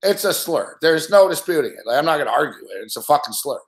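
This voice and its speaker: A man's voice: on the high side, big pitch swings, fast talker. Profane, rambling man host in an echoey room. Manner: profane, rambling, laughs often. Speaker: sports betting show host. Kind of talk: casual live-stream rant.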